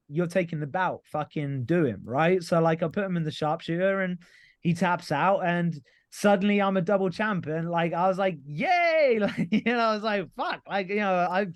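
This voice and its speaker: A man's voice: a little high, no echo. A man guest on a podcast, telling a long story in a rambling, casual way, with lots of filler words and casual swearing. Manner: rambling, frequent "like" and "you know", swears casually. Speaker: podcast guest, pro wrestler.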